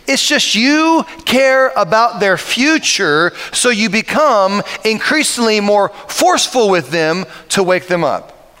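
Animated high-voiced man preaching in hall. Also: slow pace. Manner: humorous, lively, anecdotal preaching with audience questions. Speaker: pastor. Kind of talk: sermon.

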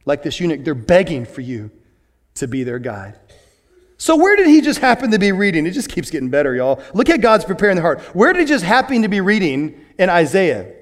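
A pastor preaching a sermon in an animated way, moving from hushed asides to excited bursts. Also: male voice, sits high, brisk.

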